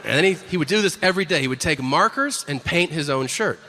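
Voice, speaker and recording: A man's voice: a little high, animated, quick pace, sharp tone, long reverb tail. A man doing a stand-up comedy routine on stage before a live audience, telling profane stories and acting out the characters in them.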